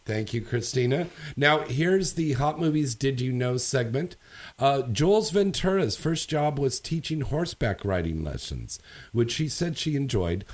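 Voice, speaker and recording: A man's voice: mid-range voice, darkish tone. A man hosting a casual chat show, reading news and plugs in a loose, rambling way with lots of fillers. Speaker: radio show host.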